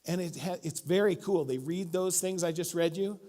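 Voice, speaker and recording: A man's voice: high voice, normal speed. A middle-aged male pastor preaching a sermon, telling stories and acting out the quotes in them. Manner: storytelling, animated, acts out quotes. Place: church.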